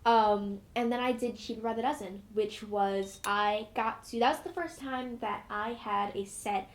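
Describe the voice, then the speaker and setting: A woman's voice: mid-range voice, steady tone, moderate pace. A young woman, an actress, chatting in an interview with a bubbly, rambling manner full of fillers. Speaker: actress guest. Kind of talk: casual interview.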